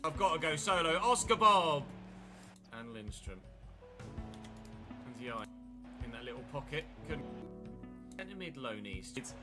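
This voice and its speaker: Male streamer, fairly high voice, chatty and wry, game music underneath. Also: big pitch swings, takes it slowly, long pauses. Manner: chatty, wry, replies to live chat. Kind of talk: casual game commentary.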